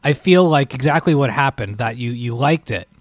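A man's voice: medium pitch, animated, moderate pace, no echo. A man co-hosting a comics podcast, talking casually in long, winding, hesitant sentences and poking fun at himself. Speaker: podcast co-host. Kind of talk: casual chat.

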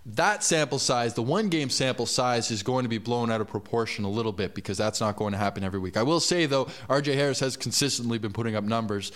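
A self-assured man on a sports panel, standing by his bold picks in easygoing chat. His voice sits at an ordinary middle pitch. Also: fast, hardly any pauses, fairly bright tone. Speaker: fantasy football analyst co-host.

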